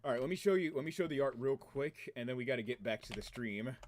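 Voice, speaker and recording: A man chatting casually on his game livestream from a room at home, excitable and rambling, often breaking into laughter. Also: mid-range voice, fast, slight background noise. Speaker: game streamer.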